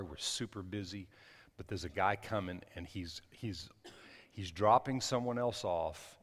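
A man's voice: low-pitched, long reverb tail. A man preaching a sermon, telling a personal story in a loose, conversational way with frequent restarts and asides. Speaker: pastor.

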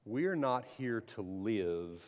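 Male pastor, sermon delivery, somewhat low voice, hall reverb. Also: animated, takes it slowly, lo-fi sound. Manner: earnest preaching, reads scripture aloud with rising emphasis.

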